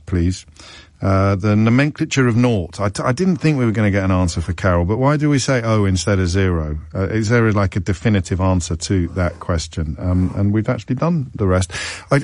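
A man's voice: lowish voice, darkish tone, dry recording, studio quality. A man hosting a live radio phone-in, chatty and wry, thinking aloud with frequent restarts.

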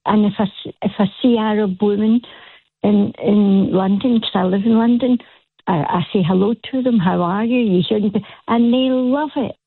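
A woman with a Glasgow Scottish accent, calling in to a radio show and chatting with a gravelly, husky voice, laughing easily. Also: medium pitch, steady tone, moderate pace, dry recording. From Scotland. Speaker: caller. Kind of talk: casual phone-in call. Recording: tinny phone line.

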